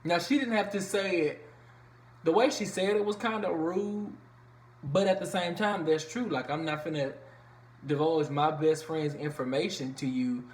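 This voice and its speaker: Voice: medium pitch, normal speed, a little mellow. A reviewer recapping a reality TV episode in loose, profane, chatty slang with lots of fillers. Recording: echoey room with faint background noise.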